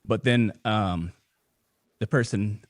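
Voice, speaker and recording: A man in his thirties, a podcast guest, telling a personal family story in a halting, earnest way with many fillers and restarts. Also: fairly low pitch, no echo, clean studio sound. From Houston, Texas.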